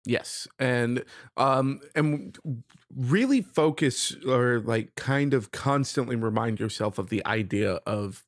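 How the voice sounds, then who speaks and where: A man co-hosting a casual lore podcast, taking his time as he explains things. He speaks slowly, rambles a little, and sounds close and dry. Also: medium pitch, dry recording. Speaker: podcast co-host.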